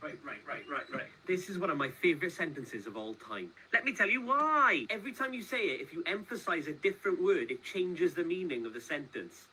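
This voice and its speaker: A man's voice: fairly high pitch, animated, a little fast, hardly any pauses, pushed and bright, a little hiss or hum, poor audio. A man presenting in a video, explaining playfully and stressing different words to make his point.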